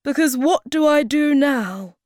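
A woman's voice: high voice, animated, unhurried, a little mellow, no room sound, studio quality, voice pushed up. A woman reading a storybook aloud, voicing a fussy, gloomy male creature who collects things. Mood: glum.

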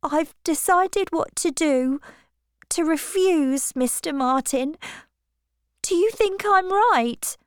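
A woman voicing an anxious, timid young woman who pleads in a high, breathless voice. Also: expressive, takes it slowly, no echo, clean studio sound, full character voice. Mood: earnest.

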